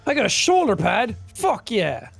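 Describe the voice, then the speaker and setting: A man's voice: very high voice, moderate pace, gravelly, slightly rough, no room sound. A man chatting and swearing while playing a co-op game with friends. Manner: excitable, swearing, groaning at the game. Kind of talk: casual gaming chat.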